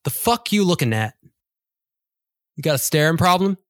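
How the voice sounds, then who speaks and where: A woman voicing a rude, streetwise talking black cat in a tabletop game, brash and mocking, with a very low voice. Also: very animated, moderate pace, no room sound, clean studio sound. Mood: hostile.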